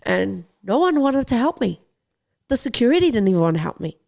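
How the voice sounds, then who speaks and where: Impassioned woman with a gravelly voice. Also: a little high, sing-song, a little fast, darkish tone. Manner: impassioned, urgent pleading. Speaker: boxing champion guest. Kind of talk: podcast interview, personal story.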